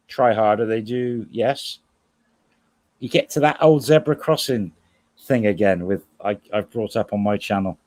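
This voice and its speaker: A middle-aged man with a voice of ordinary pitch talks through a livestream chat. He rambles through long examples and stops to correct his own words. His tone stays relaxed and conversational. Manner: rambling, self-correcting storyteller. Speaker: co-host guest.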